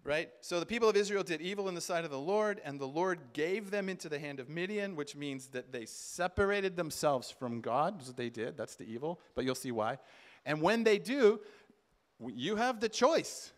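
A man's voice: on the high side, expressive, moderate pace. A man giving an emphatic sermon at a conference, acting out quoted voices in bursts. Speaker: conference speaker. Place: conference hall.

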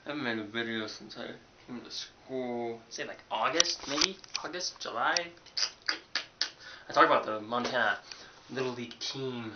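A young man, a college student, telling a sarcastic, animated story in a casual vlog from his dorm room. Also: medium pitch. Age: young adult. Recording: dull lo-fi webcam audio with hiss.

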